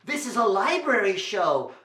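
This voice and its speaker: Playful high-voiced male storyteller. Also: very animated, normal speed, bright, forceful tone. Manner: playful, coaxing the kids to join in. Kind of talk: animated children's story performance. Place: library event room. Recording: echoey room.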